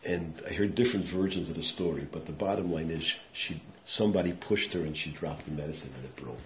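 A man giving a sermon with storytelling, dropping to hushed tones and rising to loud emphatic bursts, with Yiddish and Hebrew words mixed in. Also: extremely low pitch, fairly quick. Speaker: rabbi giving a talk. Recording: echoey room, muffled sound, faint background noise.

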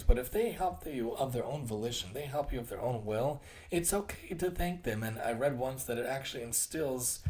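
An earnest man in his thirties hosts his own solo talk, speaking at a mid-range pitch. He keeps the tone casual and conversational. He often circles back to repeat and rephrase what he just said. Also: a little mellow. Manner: acts out quoted voices with shifts in tone. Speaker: occupational therapist and podcast host.

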